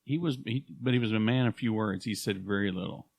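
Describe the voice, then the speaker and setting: A man co-hosting a travel podcast, joking and animated in casual chat. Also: fairly low pitch, fast, creaky, no room sound, clean studio sound. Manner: joking, animated, trails off mid-sentence. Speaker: podcast co-host.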